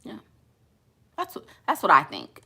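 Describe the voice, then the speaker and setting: A woman's voice: fairly low pitch, wildly swooping pitch, unhurried, gravelly, pushed and bright, slightly rough. A woman vlogger answering viewer questions in blunt, sassy casual chat full of slangy asides.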